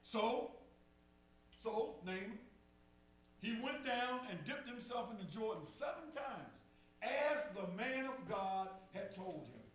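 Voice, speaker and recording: A man's voice: sits high, big pitch swings, takes it slowly, fairly bright tone. A man preaching a call-and-response sermon, repeating phrases and rising in fervor. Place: church sanctuary. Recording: echoey church from far off, faint hum.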